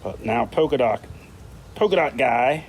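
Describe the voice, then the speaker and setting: A man's voice: mid-range voice, expressive, measured pace, creaky, a little mellow, a little hiss or hum. A man who teaches art, talking casually and thinking aloud while he draws. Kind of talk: casual talk-along art lesson.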